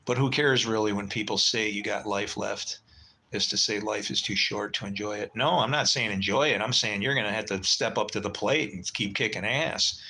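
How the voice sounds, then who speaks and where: A man's voice: lowish voice, normal speed, pushed and bright, breathy edge, rough recording. A man in his sixties hosting a casual livestream, telling long rambling stories in a blunt, swearing way and muttering asides. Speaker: livestream host.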